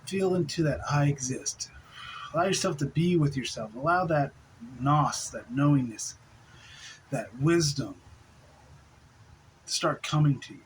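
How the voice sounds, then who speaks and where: A man giving a relaxed spiritual talk on video, laughing softly now and then and restarting his sentences. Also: a little high, a little hiss or hum, low-quality recording. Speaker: spiritual teacher.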